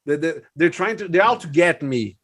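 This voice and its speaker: A man's voice: on the high side, expressive, moderate pace, a bit bright, dry recording, clean studio sound. A man chatting casually on a podcast, often stammering and repeating words as he starts a sentence.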